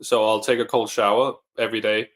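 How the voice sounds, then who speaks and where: This single dad, a coaching client, reflects earnestly on what he's been through during a relaxed interview conversation. He talks fairly quickly in a somewhat low voice with flat delivery.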